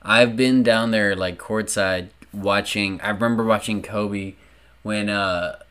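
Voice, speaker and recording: A man talking as a podcast guest, rambling and animated, swearing freely. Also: lowish voice, slow, smooth. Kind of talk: casual chat.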